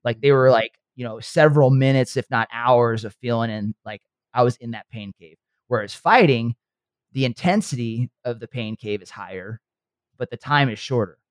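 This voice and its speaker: A man's voice: medium pitch, normal speed, no echo. Earnest man coaching in a dry close voice. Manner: earnest, coaching, checks in with frequent "okay" and "right". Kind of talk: motivational podcast talk.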